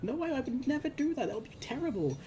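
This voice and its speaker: A man voicing a timid young woman trickster cleric who pleads and denies in a high voice. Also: moderate pace, slight background noise, lightly acted. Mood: pleading.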